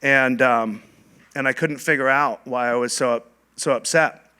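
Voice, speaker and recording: Bright-voiced man giving a candid testimony. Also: medium pitch, fairly even intonation, moderate pace, clean tone. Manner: candid and conversational, with frequent ums and restarts. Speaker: church leader giving a testimony. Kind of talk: personal testimony talk to a church group.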